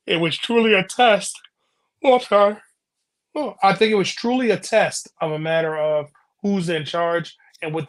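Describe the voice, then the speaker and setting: A man's voice: fairly high pitch, fairly bright tone. A man co-hosting a casual podcast chat, explaining his views earnestly and often breaking off mid-sentence. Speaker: podcast co-host.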